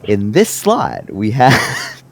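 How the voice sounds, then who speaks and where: A man's voice: on the low side, wildly swooping pitch, slow, gravelly. A man on a casual gaming podcast, playful and giggly while reading out teams. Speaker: podcast guest. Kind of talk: casual esports podcast chat.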